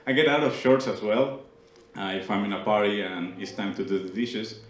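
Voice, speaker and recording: Speaking at normal speed with few pauses, a young Mexican stand-up whose voice runs low teases the crowd in a playful set on a small club stage. He has a Mexican Spanish accent and Spanish is his native tongue. Slight background noise, audience laughter and a roomy club sound come through.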